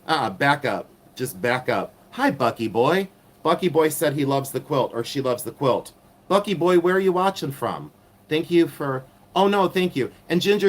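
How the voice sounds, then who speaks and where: A middle-aged man hosting a casual live stream, rambling with many ums and turning sassy and catty when riled. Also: a little high.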